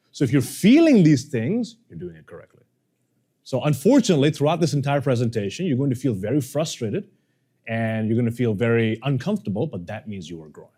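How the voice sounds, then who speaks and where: A man coaching a workshop audience on how to speak, acting out the people he quotes. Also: mid-range voice. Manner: animated, acts out quoted people. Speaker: communication coach. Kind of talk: workshop lesson.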